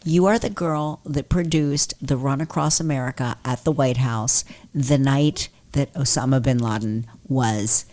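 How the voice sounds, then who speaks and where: Low-voiced woman hosting a chat. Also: a little slow, hardly any pauses, dark tone. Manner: teasing, emphatic. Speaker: podcast host. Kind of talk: casual chat.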